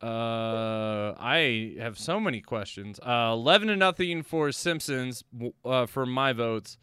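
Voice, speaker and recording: A man's voice: mid-range voice, animated, a little slow, bright, forceful tone, clear, resonant tone, no echo, studio quality. A young man hosting a casual podcast chat, tallying votes with jokes and casual swearing. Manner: joking, upbeat, swears casually.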